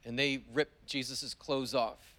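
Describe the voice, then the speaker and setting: A man preaching a sermon at a middle pitch. He retells a story vividly and slows right down on the key words, with weighty pauses between phrases. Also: steady tone, bright, forceful tone. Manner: slow, emphatic preaching with long pauses. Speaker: pastor.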